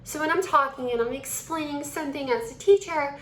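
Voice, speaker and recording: A woman's voice: high voice, fairly quick, fairly bright tone, echoey room. A young woman voice teacher explaining vocal techniques and switching into a demonstrated male voice to show the difference. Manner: switches between her own and a demonstrated male voice.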